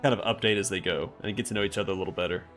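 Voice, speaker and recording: A man's voice: deep voice, steady tone, racing, a bit bright, soft background music. A man streaming a role-playing game, thinking aloud in casual commentary as he plays. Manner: musing, thinking aloud with fillers.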